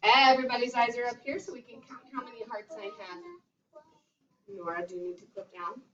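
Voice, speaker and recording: A kindergarten teacher with a fairly quick, higher-pitched voice leads young children through a math lesson in sing-song call-and-response. The classroom recording is roomy, distant and dull, with a noisy background.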